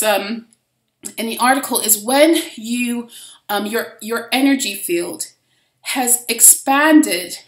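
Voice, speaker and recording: Woman, spiritual reader, rambling, profane, bright voice, echoey room. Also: a little high. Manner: rambling, profane, with frequent restarts. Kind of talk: casual spiritual reading monologue. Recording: roomy echo.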